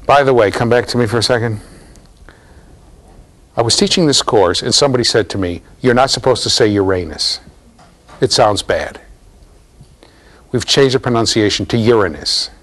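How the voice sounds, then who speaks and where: A man lecturing a university class in a lively, jokey way, talking straight to the students. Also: mid-range voice, moderate pace, pauses often. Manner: animated, jokey, talks to students directly.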